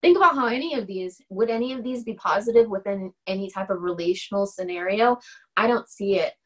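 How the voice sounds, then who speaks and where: A woman instructor talks through a lecture in a relaxed, conversational way. Her voice sits at a middle pitch for a woman. She keeps checking in with her listeners and slips into lively voices to act out examples. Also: fairly quick, low-quality recording. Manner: conversational, often checks in with "right?"; acts out example dialogue in animated voices. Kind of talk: casual recorded lecture.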